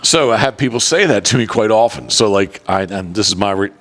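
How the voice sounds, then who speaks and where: A man's voice: lowish voice, fairly quick, a bit bright. A man hosting a podcast and telling rambling, profane hunting stories in a casual chat. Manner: rambling and profane, with many restarts. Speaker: podcast host and duck hunting guide.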